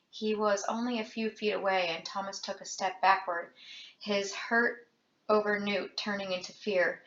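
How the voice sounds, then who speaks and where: Woman, audiobook reader, dramatic reading, bright voice, echoey room, dull lo-fi sound. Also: mid-range voice, fairly even intonation, moderate pace. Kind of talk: reading a novel aloud. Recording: roomy, dull lo-fi home recording.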